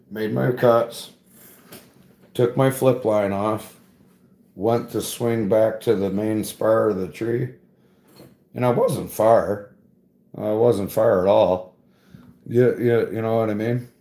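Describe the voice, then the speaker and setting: Slow, profane low-voiced man. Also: darkish tone. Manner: profane, rambling storytelling with frequent "bro" and "dude". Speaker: tree climber talking to a live chat. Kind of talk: casual chat. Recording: echoey room.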